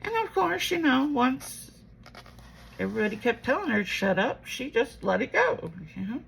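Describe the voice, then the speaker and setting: A woman's voice: sits high, sing-song, moderate pace, creaky, a bit bright, breathy edge, poor audio. A woman crafting at home while telling a rambling family story, full of "you know" asides. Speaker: resin jewelry crafter.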